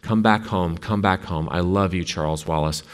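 A determined young girl pleads and cries out to her brother, read aloud by a very deep-voiced man. Her urgent lines come in emphatic bursts, with the low voice pushed up into cries. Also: moderate pace, natural voice. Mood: pleading.

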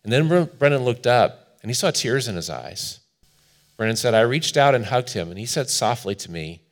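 A man's voice: medium pitch, very animated, moderate pace. A man preaching a sermon as pastor, telling a story in an earnest manner with quoted voices.

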